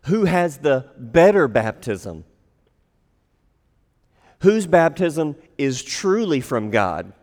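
Slow-preaching man in a reverberant church. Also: on the high side. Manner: animated, acts out quoted lines in a raised voice. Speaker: pastor. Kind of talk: sermon. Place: church sanctuary. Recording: long hall reverb.

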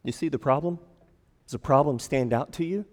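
A man's voice: mid-range voice, fairly quick, a little mellow. A man preaching a sermon, acting out quoted lines in a raised voice. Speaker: pastor. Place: church sanctuary. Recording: long hall reverb.

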